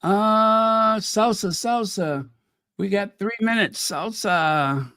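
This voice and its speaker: A man hosting a casual livestream, excitable, greeting viewers by name and laughing often. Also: high voice, slow pace, smooth, no echo, clean studio sound. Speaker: livestream host. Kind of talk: casual live-stream chat.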